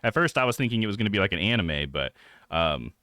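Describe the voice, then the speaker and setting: A man's voice: fairly low pitch, very animated, quick pace, sharp tone, dry recording. A young man chatting casually with viewers on a live stream, laid-back and swearing freely. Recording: game music behind.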